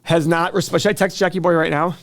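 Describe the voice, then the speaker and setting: Male podcast co-host, chatty and animated, acts out every phone call he retells. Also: a little high, fairly quick. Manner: animated storytelling, acting out quoted calls. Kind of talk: casual chat.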